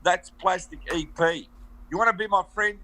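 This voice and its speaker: Bright, chatty Australian man. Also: high voice, normal speed, low-quality recording. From Melbourne, Australia. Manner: chatty, bossy, rambling. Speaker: interview guest. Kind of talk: casual chat.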